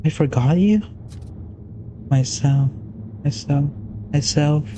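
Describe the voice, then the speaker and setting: A man voicing a small, sleepy, frightened ghost with a scratchy, deep little voice. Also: takes it slowly, mellow. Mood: timid.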